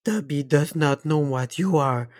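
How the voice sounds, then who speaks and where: A man's voice: fairly high pitch, a little slow, a little mellow, dry recording, clean studio sound, lightly acted. A man voicing a small, meek and servile male house-elf who talks about himself in the third person.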